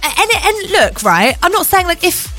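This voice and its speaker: Animated ranting radio co-host woman. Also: very high-pitched, moderate pace, faint music behind. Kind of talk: breakfast radio chat.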